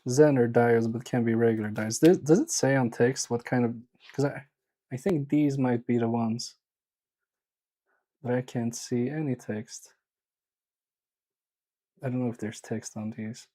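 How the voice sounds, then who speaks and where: A man talking in an unhurried, relaxed drawl as he live-streams a repair session from his home workbench. He jokes and teases his chat, often mocking himself. His voice sits on the mellow, warm side. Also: medium pitch. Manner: joking, self-mocking, chatty with viewers.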